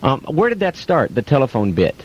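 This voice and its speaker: A man's voice: mid-range voice, huge pitch swings, brisk, husky, lo-fi sound. A man co-hosting a morning radio show, chatty and teasing. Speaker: radio co-host. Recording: radio broadcast with faint hiss.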